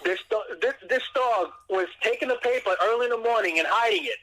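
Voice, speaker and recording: Man guest by phone, animated storyteller, high lively voice, bright. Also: fast, poor audio. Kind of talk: casual storytelling on a call. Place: outdoors on a porch.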